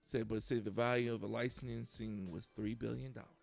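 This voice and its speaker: A man with a strongly gravelly, fry-heavy voice chats through the day's entertainment headlines. He stops often to search his notes and fills the gaps with hesitations. Faint music runs underneath. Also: mid-range voice, steady tone. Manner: reads headlines haltingly with many fillers. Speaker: podcast co-host. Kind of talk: casual news chat.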